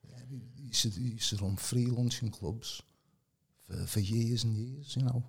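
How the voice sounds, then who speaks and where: Man, gravelly low voice, husky, animated storyteller. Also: normal speed. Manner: animated, acts out quoted voices, calls the host mate. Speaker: guest giving testimony. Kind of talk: casual storytelling.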